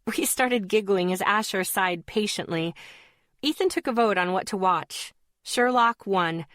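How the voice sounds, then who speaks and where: A woman reading a fantasy audiobook as a first-person narrator in an even, storytelling manner. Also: medium pitch, unhurried, no echo, studio quality.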